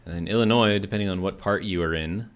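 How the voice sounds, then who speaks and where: A man from Georgia, USA, with a low voice and fast delivery streams a building game. He chats casually, reads viewer comments aloud, and muses while he plays.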